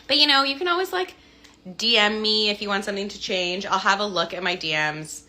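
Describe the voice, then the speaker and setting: Signing autographs during a livestream, this woman chats away in a bright, bubbly manner and thinks aloud as she works. She is a voice actor from Canada who partly grew up in Scotland. Her voice is medium-pitched and a little fast.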